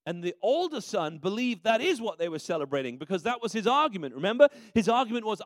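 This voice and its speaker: A man's voice: high voice, very animated, quick pace, few pauses, no echo. A man preaching a sermon as a minister, telling a story in a conversational way with frequent restarts.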